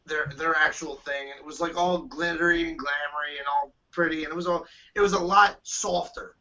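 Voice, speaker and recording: A man's voice: a little high, steady tone, brisk, bright, forceful tone, muffled recording. A man from the United States, a guest in a casual chat, loose, chatty and profane.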